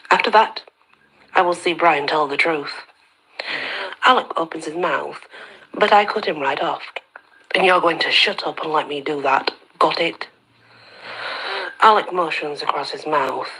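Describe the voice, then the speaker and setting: Woman, reading a story aloud, low husky voice, bright forward tone, half-whispered dips. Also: rough recording. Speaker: storyteller, channel host.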